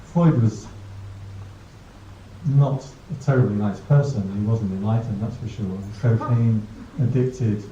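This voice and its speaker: With a fairly low, dark voice and an unhurried, measured delivery, this monk jokes with his class, sharing stories and chuckling at his own humor. He is a Buddhist monk teaching mindfulness in a casual talk. Captured in a dull, distant, roomy recording, it carries a bit of hiss or hum.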